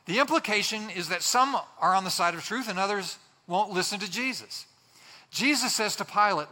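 Emphatic preacher man, bright voice. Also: high voice, normal speed. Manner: emphatic, repeating phrases for effect. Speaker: pastor. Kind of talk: sermon. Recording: long hall reverb.

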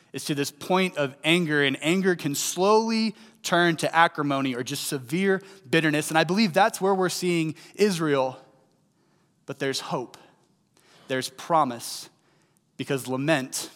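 This sermon comes from a St. Louis pastor in his thirties whose voice is a little high and fairly bright. He recounts a personal story in a conversational way, lifting his emphasis on key lines, while the hall adds long reverb.

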